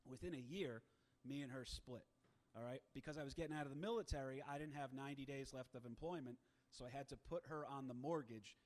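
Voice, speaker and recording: A man in his thirties telling a self-mocking story in a stand-up set, brash and animated at the punchlines. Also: medium pitch, brisk. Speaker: stand-up comic.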